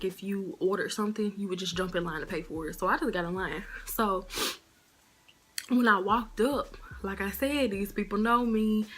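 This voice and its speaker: Woman vlogger telling a story, chatty and animated, talks right to her viewers. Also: mid-range voice. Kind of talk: casual storytime vlog.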